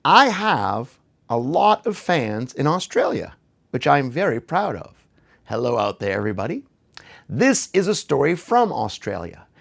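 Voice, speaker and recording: Man, children's storyteller, gravelly, lively, playful, talks to the kids. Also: mid-range voice. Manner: playful, theatrical, talks to the audience.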